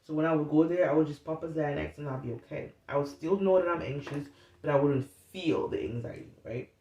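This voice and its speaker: This woman speaks a little fast in a low-pitched, mellow voice, delivering an unscripted, casual self-help monologue where she rambles and swears freely. Her candid vlog is captured on a distant mic in a roomy space with faint noise.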